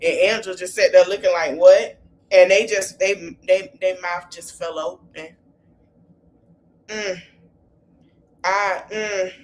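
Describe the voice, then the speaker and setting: Speaking slowly with long pauses, a podcast host uses a lowish, steady voice over a little hiss or hum. She gives a casual, gossipy recap of reality-TV scenes in African American Vernacular English.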